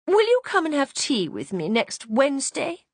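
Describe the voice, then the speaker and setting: A woman narrator gives voice to a formal society matron who speaks earnestly and politely. Her lines move with lively pitch. The sound is dry and close. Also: normal speed, dry recording.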